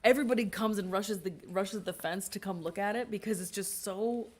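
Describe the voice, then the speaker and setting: A woman's voice: mid-range voice, brisk, darkish tone. A woman co-hosting a race stream, chatting casually with a teasing, friendly way of talking. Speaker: stream co-host. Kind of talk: casual chat.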